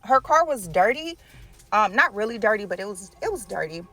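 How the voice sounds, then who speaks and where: Female vlogger telling a story with lively, profane energy over faint background music. Mid-range voice. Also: mid-range voice, a little fast. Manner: animated, profane storytelling with acted-out quotes. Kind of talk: casual storytime.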